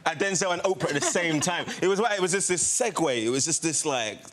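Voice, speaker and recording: A man guest on a chat show, telling stories in an animated style and laughing as he goes. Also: a little high, quick pace, over a noisy crowd. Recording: loud background noise and clicks.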